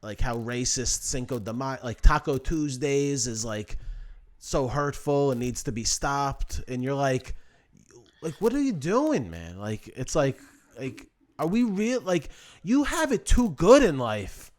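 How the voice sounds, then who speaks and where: A man's voice: medium pitch, lively intonation, unhurried. A male comedian co-hosting a podcast, talking casually and rambling with many fillers. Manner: rambling, heavy use of "like". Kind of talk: casual chat.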